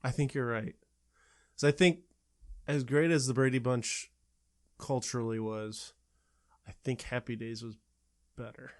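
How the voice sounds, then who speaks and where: A man's voice: medium pitch, steady tone, unhurried, long pauses. Guy cohosting a podcast, easygoing, mostly agreeing. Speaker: podcast co-host. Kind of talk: casual chat.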